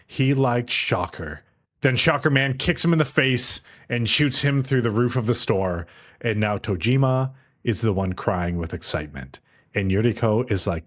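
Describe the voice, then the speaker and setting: A man's voice: mid-range voice, very animated, a little slow. A young man co-hosting a casual podcast who recaps an anime episode at length and briefly acts out the characters' lines. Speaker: podcast co-host.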